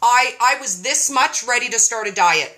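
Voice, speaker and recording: A woman hosting a casual chat, telling a story in a playful, animated way. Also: fairly high pitch, normal speed. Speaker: host.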